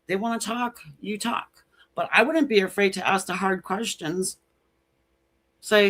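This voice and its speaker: Slow, chatty woman tarot reader. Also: mid-range voice, a bit bright. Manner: chatty and frank, laughing often between points. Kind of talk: live-streamed tarot reading. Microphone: computer mic on a live stream.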